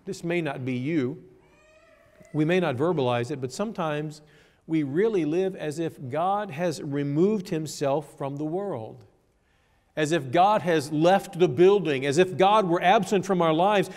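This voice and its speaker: A man preaches in a church, his fairly high voice trailing off into the long reverb of the sanctuary. He slows for dramatic pauses and then builds to emphatic, repeated lines. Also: darkish tone. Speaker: pastor. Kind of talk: sermon.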